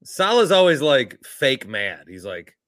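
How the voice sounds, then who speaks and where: A man talking sports with a host in easygoing, joking back-and-forth. His voice has a bright, forward tone. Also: medium pitch, big pitch swings, unhurried. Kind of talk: casual sports chat.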